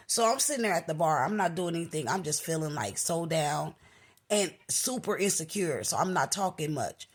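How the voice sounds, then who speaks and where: A woman with a naturally scratchy, gravelly voice, a little low for a woman and noticeably husky. She tells a personal story in a loose, chatty vlog style, and her pitch leaps up when she quotes her own reactions. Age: adult, married. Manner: animated, jumps up high when quoting herself. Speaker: vlogger. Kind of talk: casual storytelling.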